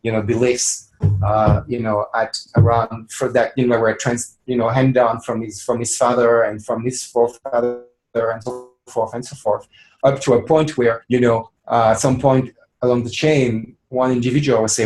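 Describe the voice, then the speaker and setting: A man's voice: medium pitch, level tone, moderate pace, darkish tone, poor audio. Reflective man musing on spiritual growth. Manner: reflective, repeats phrases, many fillers. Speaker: webinar co-host. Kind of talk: casual spiritual discussion.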